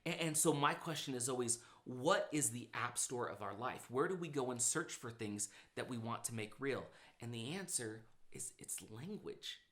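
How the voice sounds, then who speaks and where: With a medium-pitched voice, normal speed and hardly any pauses, a motivational speaker chats casually and tells stories, vividly voicing the thoughts going through his head.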